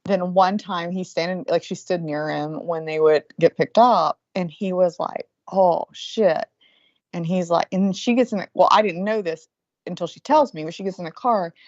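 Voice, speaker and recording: Speaking at a moderate pace in a lowish voice, this podcast co-host, a woman in her forties, tells stories in loose conversation full of swearing. The recording is dry, yet it sounds muffled and lo-fi.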